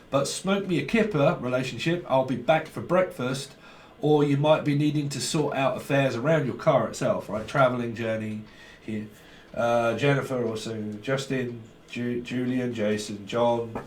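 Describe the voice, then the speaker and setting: A man giving a casual, rambling tarot reading, chatty and laughing often, swearing freely as he talks. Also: medium pitch. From United Kingdom. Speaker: tarot reader. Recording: roomy echo with faint background noise.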